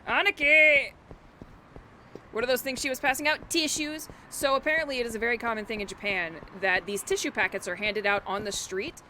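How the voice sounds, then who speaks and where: A woman's voice: a little high, fairly even intonation, brisk, pushed and bright, a little hiss or hum. A woman streaming a video game, joking and teasing the characters on screen as she plays. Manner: jokey, teasing, talks back to game characters. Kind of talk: playful let's-play commentary. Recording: game music playing behind.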